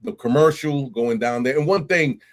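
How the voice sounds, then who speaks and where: A middle-aged man from New York, a podcast guest telling his stories in casual, animated talk, often laughing and acting out voices. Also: mid-range voice, normal speed. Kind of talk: casual interview storytelling.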